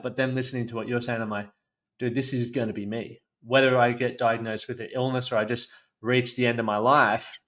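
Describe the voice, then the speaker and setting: A man's voice: medium pitch, a bit bright. A young man hosting a podcast, talking in a reflective, earnest, casual way. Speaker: podcast host. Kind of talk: conversational interview.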